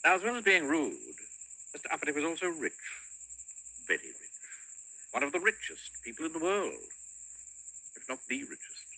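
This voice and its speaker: A man narrating a children's storybook with a highly expressive, swooping delivery. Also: normal speed, creaky, long pauses, breathy edge, no echo, low-quality recording. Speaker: audiobook narrator.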